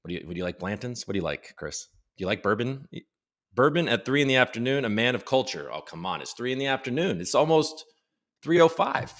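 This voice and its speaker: A man's voice: medium pitch, quick pace. A man hosting a casual live crypto stream, joking and teasing viewers as he reads the chat, with some swearing. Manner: lively, with big jumps in loudness. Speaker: crypto livestream host.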